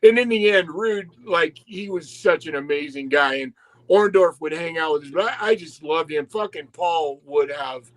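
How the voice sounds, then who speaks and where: A man telling wrestling stories in casual chat, animated and swearing constantly. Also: fairly high pitch, normal speed, low-quality recording. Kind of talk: casual profane storytelling.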